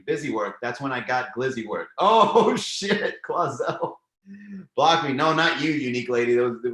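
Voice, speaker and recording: A man's voice: mid-range voice, a bit bright, reverberant. A man hosting a live comedy stream, chatting loosely and profanely as he reads and riffs on viewer comments. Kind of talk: casual live-stream chat reading comments.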